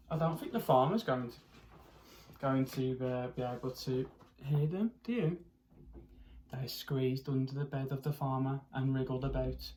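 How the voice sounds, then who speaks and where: A primary school teacher reads a picture book aloud to children, pausing to ask them questions and doing expressive character voices and animal noises. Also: mid-range voice, slight background noise. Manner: pauses to ask young listeners questions.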